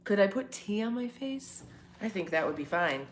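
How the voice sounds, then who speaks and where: A woman's voice: medium pitch, lively intonation, moderate pace, slight background noise. A woman hosting a casual morning livestream from home, rambling and chatting back to viewers' comments. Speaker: livestream host. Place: home, indoors.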